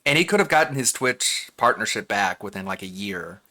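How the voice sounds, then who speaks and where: Man, stream host, low but bright, crisp voice, relaxed rambling chat. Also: brisk.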